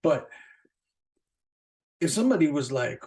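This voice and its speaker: A man talks by himself on his own podcast in a loose, rambling rant. His speech is thick with swearing, fillers and false starts, and his pitch leaps upward whenever he hammers a point home. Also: a little slow. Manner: profane, rambling, with many fillers and restarts; animated, jumping up in pitch for emphasis. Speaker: podcast host. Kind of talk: casual solo rant.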